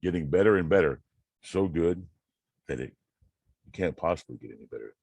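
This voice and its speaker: A man with a very deep, husky voice reads self-help quotes and drifts into casual tangents. He talks slowly and repeats himself as he rambles. The sound is close and dry, with no room around him. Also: lively intonation, a little mellow, dry recording, highs cut off. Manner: slow, drawn-out, rambling, repeats words. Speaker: channel host.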